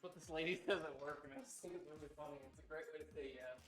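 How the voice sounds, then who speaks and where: A woman off camera making quiet, offhand remarks from away from the mic. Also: low voice, fast talker, soft background music. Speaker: off-camera companion. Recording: echoey room, away from the mic.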